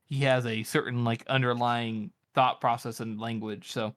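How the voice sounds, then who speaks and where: Bright, excitable young man. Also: mid-range voice, normal speed. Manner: excitable, lots of fillers and laughs. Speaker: podcast co-host. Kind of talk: casual chat.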